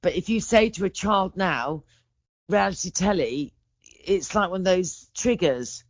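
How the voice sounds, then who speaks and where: A woman's voice: lowish voice, lively intonation, measured pace, no echo. A woman in her forties, a podcast guest in casual chat, telling stories in a rambling way, breaking off and restarting her sentences. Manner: rambling, self-interrupting storyteller.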